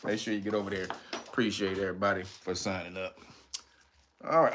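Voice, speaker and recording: A middle-aged man hosting a casual livestream, loud and joking, laughing often and jumping into high playful voices. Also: fairly even intonation, fairly quick, pauses often. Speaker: livestream host.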